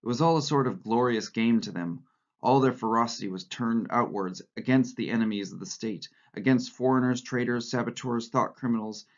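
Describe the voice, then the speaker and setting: Brief: male teacher, mid-pitched voice, steady read-aloud with short asides, slightly muffled recording. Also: brisk. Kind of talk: reading a novel aloud to a class.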